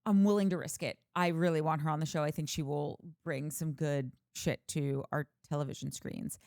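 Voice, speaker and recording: A woman's voice: sits low, fairly even intonation, normal speed, hardly any pauses, a little mellow, no echo, clean studio sound. Chatty woman reading listener comments. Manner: chatty, reads comments aloud. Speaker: podcast co-host.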